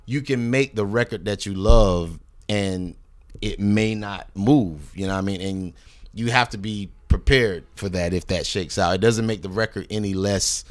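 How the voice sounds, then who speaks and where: On a podcast, a recording artist guest tells a long, laid-back story packed with profanity, impersonations of the people he's quoting, and "you know what I mean" asides. His voice is lowish, his pace moderate, and the recording has no room sound.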